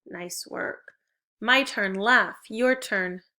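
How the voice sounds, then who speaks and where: A woman teaching children in a recorded video lesson, giving encouraging, clearly paced instructions and drawing out key words slowly. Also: mid-range voice, sharp tone. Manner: stretches out target words slowly.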